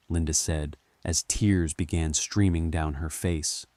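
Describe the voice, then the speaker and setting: Deep slow man telling a horror story. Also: no echo, clean studio sound. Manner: calm, measured first-person telling. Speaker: narrator. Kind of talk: scripted horror story narration.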